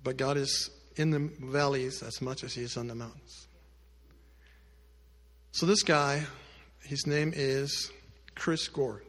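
A man's voice: medium pitch, fairly even intonation, slow. Male pastor preaching to the congregation, middle register, dynamic delivery, reverberant church hall. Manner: swings between loud emphatic lines and quiet hushed ones; speaks directly to the congregation with asides. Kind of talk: sermon storytelling.

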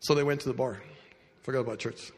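A man preaching to a congregation, telling a story with loud bursts and quiet asides. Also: medium pitch, steady tone, fast, breathy edge. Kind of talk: sermon storytelling. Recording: long hall reverb.

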